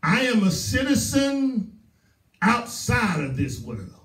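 A man's voice: extremely high pitch, sing-song, slow pace, a bit bright. A male pastor with a Southern US accent, preaching a sermon with emphatic repetition. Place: church sanctuary. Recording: roomy echo, voice from far off.

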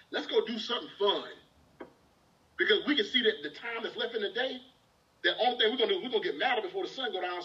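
A man's voice: sits high, sharp tone. A man preaching a sermon, quoting scripture and asking the congregation call-and-response questions. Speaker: minister. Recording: distant dull lo-fi service recording.

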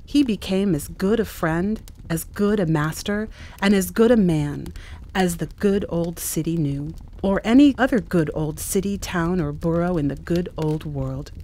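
A woman narrating with expressive storytelling at a church reading. Her voice is on the low side. She lends the story lively shading. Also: a little slow, slight background noise. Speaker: reader. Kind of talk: dramatic reading at a church event.

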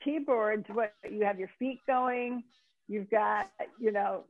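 A woman hosting an interview, chatting slowly and enthusiastically. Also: mid-range voice. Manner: slow and enthusiastic. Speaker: host. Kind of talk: casual interview chat. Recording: tinny phone-like line.

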